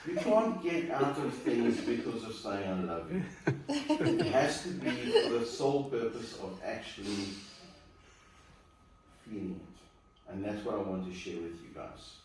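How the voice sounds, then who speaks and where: With big swings in pitch from a fairly low voice, a male celebrant coaches a couple sincerely at a measured pace ahead of their wedding. An echoey room, a distant microphone and faint noise shape the audio.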